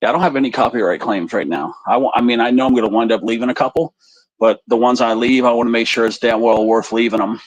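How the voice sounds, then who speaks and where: A man with a medium-pitched voice talks fast while hosting a live stream, rambling casually and crudely straight to his chat. The recording is low quality but has no echo.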